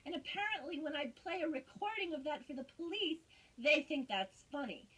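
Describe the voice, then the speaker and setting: A woman's voice: sits high, lively intonation, fairly quick, a bit bright. A woman on a tense phone call, defensive and sarcastic, giving long rambling explanations. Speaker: caller and neighbour in a dispute.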